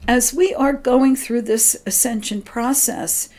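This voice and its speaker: A middle-aged woman giving an earnest spiritual talk, gently coaching listeners about their intuition. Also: on the high side, takes it slowly. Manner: gentle, earnest, quotes her inner voice in a lighter tone. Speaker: spiritual teacher.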